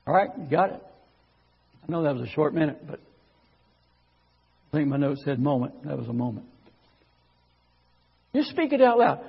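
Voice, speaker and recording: A man's voice: on the high side, big pitch swings, normal speed, vocal fry, pauses often, slightly rough, big-room sound, highs cut off. A man preaching in a church, telling his own story in a folksy, conversational way with stammered restarts. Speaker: guest preacher. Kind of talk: sermon with personal testimony.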